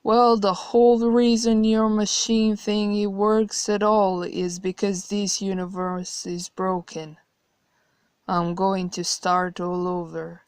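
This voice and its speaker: A woman's voice: medium pitch, flat delivery, slow pace, darkish tone, smooth, no room sound, close to an everyday voice. A woman reading a horror story, voicing an old white-haired godlike man who talks in a teasing, flippant way. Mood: casual. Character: old white-haired male godlike being, mocking and cruel.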